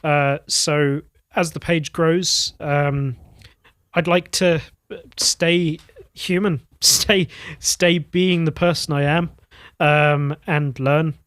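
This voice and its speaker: Male guest, from Cornwall, soft Cornish accent with some East Clare, earnest and halting, raised pitch, very dry recording. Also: steady tone, no echo. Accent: Cornish softened by East Clare. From Cornwall, England. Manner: earnest, candid, with swearing and frequent fillers; halting, restarts often. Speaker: blacksmith guest. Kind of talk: casual podcast interview.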